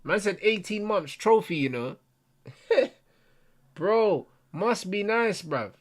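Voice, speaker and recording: A man's voice: high voice, lively intonation, slow. A young man hosting a football watch-along, ranting in casual slang and swearing freely. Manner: heated, slang-heavy, swearing, addresses viewers and mates.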